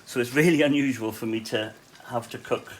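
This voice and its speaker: Man, Welsh accent, mid-pitched voice, chatty cooking demo, home kitchen, faint background noise. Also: a little fast, poor audio. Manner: chatty, with fillers and asides. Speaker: cafe cook hosting a cooking tutorial. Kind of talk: casual cooking demonstration.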